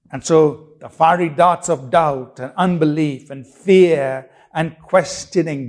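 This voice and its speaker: A man with a fairly high voice preaches a sermon emphatically, a little slowly and with hardly any pauses. He repeats phrases for effect, throws out rhetorical questions, and now and then restarts a sentence midway.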